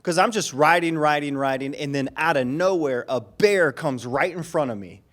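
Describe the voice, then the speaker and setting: A man with a drawl tells a story in a loose, animated way, laughing as he goes. His voice sits a bit high for a man. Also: moderate pace. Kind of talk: casual storytelling chat.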